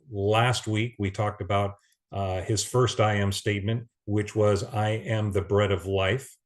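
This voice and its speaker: A man giving an earnest Bible teaching, reading scripture aloud with pauses and restarts. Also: lowish voice.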